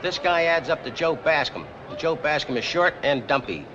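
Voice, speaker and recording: A man's voice: on the high side, animated, moderate pace, natural voice. Man doing a streetwise cop, blunt and slangy, muffled old movie audio. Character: gruff short dumpy male police detective. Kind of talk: 1940s film comedy acting. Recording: noisy lo-fi old film soundtrack.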